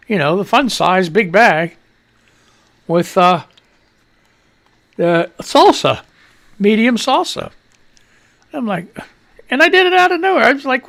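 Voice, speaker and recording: A man with a gravelly, raised voice hosts a live radio show, rambling and cursing casually. He gets short of breath as he talks, and his pitch leaps around with lively swings. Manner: loud rapid-fire greetings, chatty, swears freely.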